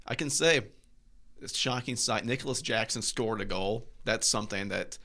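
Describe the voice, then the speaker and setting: A man's voice: lowish voice, normal speed, sharp tone. A man co-hosting a casual soccer podcast, rambling and hesitant as he talks. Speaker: podcast co-host. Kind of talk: casual sports chat.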